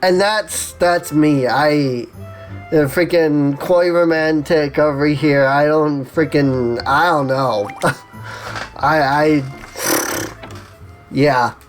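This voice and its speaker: A woman streamer chats casually about a game she loves. Her talk is slow, halting and openly emotional, with a self-conscious edge. Faint game music runs in the background. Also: sits low. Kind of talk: casual livestream commentary.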